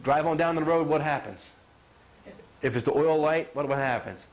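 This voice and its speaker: A man's voice: fairly high pitch, moderate pace. A middle-aged man, a chiropractor, giving a folksy health talk and acting out quotes as he goes. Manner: animated, acts out quotes, asks "you follow?".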